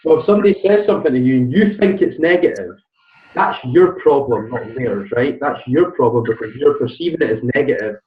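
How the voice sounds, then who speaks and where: A man's voice: medium pitch, expressive, fairly quick. A man coaching on a call, blunt and swearing as he presses with questions. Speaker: life coach. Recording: tinny phone line, distant and echoey.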